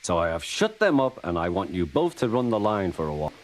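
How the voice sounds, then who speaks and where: A man's voice: low voice, sing-song, fast, slight background noise. A man voicing a pompous, fussy male railway boss in a storybook reading, stern and blustering. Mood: brisk.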